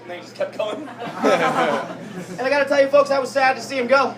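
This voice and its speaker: A man with a high voice performing stand-up in a club, cursing freely and rambling through his bits. He keeps laughing at his own jokes as the crowd roars behind him. The recording catches him from some distance. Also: very fast. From Pacific Northwest. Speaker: stand-up comedian. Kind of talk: stand-up set. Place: comedy club stage.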